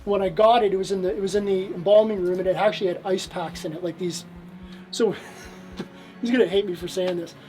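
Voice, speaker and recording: This rough recording, with faint music behind it, captures a museum owner from Canada on a casual storytelling tour of his collection. His voice sits high and warm, steady in tone and fairly quick. He rambles, full of fillers and restarts.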